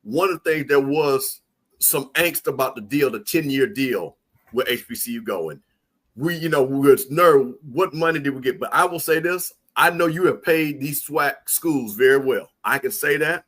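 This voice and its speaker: A man's voice: medium pitch, normal speed, a bit bright. Brief: male co-host, Mississippi accent, emphatic, repeats words, casual sports talk.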